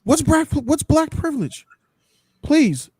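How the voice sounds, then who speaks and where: A man co-hosting a loose chat, slangy and animated, often breaking into laughs. His voice sits high for a man. The sound is dry and close. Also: slow pace, no room sound. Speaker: podcast co-host. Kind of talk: casual chat.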